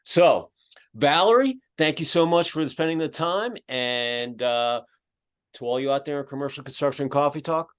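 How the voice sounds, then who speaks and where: A podcast host from Philadelphia, with the accent to match and a mid-range voice, gives casual closing remarks over a video call from his home in Georgia. His talk is folksy and rambling, packed with fillers.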